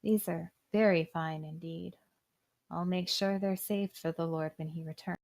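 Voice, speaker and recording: Woman playing a stately priestess steward, lowish gravelly voice, dry sound, formal manners. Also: steady tone, a little slow, darkish tone, no echo. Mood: polite. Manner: formal and polite. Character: composed female priestess, castle steward.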